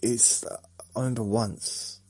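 A man's voice: mid-range voice, steady tone, takes it slowly, a little mellow, husky. A man hosting a sleep podcast, meandering through a rambling monologue and chuckling at himself. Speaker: podcast host.

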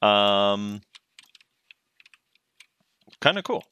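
Low-voiced guy on a gaming podcast, bright clear tone, dry and blunt. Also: big pitch swings, very slow. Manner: blunt, wry, swears casually. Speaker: podcast co-host. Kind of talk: casual gaming podcast chat.

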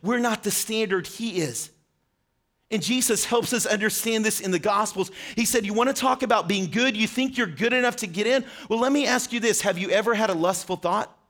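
High-voiced earnest male preacher. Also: brisk, a bit bright. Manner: earnest, questioning, direct address. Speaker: pastor. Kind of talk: short sermon.

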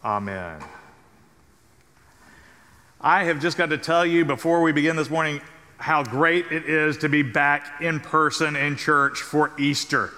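Bright, enthusiastic man preaching in church. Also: a little high, level tone, moderate pace. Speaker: pastor. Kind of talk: sermon. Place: church sanctuary. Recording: church hall reverb.

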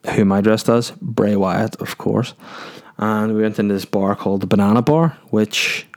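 A man's voice: lowish voice, moderate pace, a little mellow. A young man hosting a podcast, telling crude stories in a rambling, joking way. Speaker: podcast host. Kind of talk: casual storytelling.

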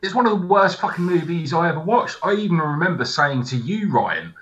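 Male co-host, blunt and profane, animated pitch, dull lo-fi audio. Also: brisk. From United Kingdom. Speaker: podcast co-host. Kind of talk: casual ranting film chat.

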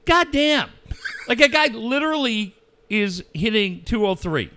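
A man's voice: extremely high pitch, big pitch swings, measured pace, pushed and bright. A man ranting about local sports with constant swearing and mocking put-on voices. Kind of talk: profane sports rant.

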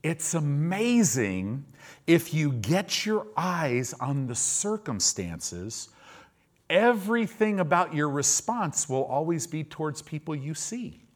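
A man's voice: on the high side, very animated, takes it slowly. A male pastor preaching in a conversational way, asking his listeners questions and acting out people's reactions. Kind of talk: sermon.

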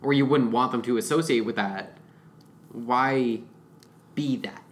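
A man's voice: medium pitch, unhurried. A man co-hosting a podcast, chiming in with dry, joking remarks in casual chat. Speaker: podcast co-host.

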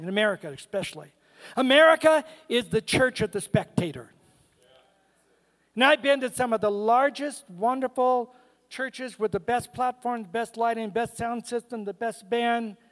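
A man with a high voice preaches as a guest speaker in a church sanctuary, his words trailing into long reverb. He's humorous and emphatic, calling out to the congregation.

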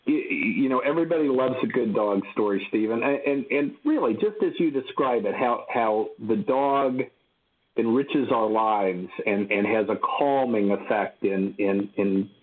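A man hosting an interview, speaking in a halting way with repeated words. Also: medium pitch. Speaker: host. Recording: phone line.

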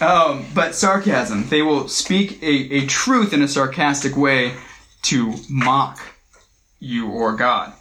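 A man's voice: medium pitch, slow, sharp tone, roomy sound, slight background noise, low-quality recording. A man leading a casual Bible study, talking conversationally, often repeating himself and checking in with "right?".

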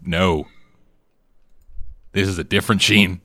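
A man's voice: low-pitched, steady tone, takes it slowly, bright, forceful tone. A man casually recapping a TV show for a podcast, swearing often and rambling through asides. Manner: profane, rambling storyteller. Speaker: podcast co-host.

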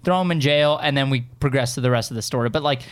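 Excitable man in casual chat. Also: mid-range voice, clean tone. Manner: excitable, animated, fast with restarts. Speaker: podcast co-host.

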